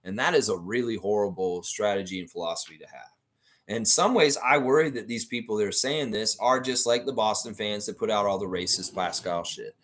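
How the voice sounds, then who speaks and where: A man's voice: fairly low pitch, fairly quick. A man hosting a fan livestream, ranting and reading out viewer comments in a casual, profane way. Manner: animated, ranting, profane, talks straight to viewers. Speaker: fan channel host.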